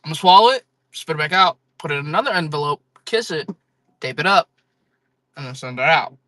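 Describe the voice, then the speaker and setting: A woman streamer joking her way through a casual live-selling chat, her laughter breaking in often. Her voice is bright and lively, jumping all around in pitch. She sounds close to the mic in a dry room. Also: brisk, no echo.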